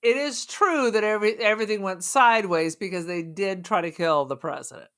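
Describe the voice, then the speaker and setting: A woman's voice: mid-range voice, a little fast, fairly bright tone. A woman co-hosting a podcast in casual chat, sarcastic and blunt as she riffs on a movie. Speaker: podcast co-host.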